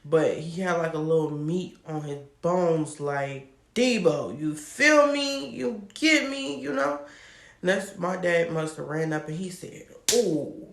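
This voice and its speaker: A man telling a personal story to camera in a casual, animated, slangy way. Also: on the high side, vocal fry, reverberant. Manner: animated, slangy, laughs often. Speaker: storytime vlogger.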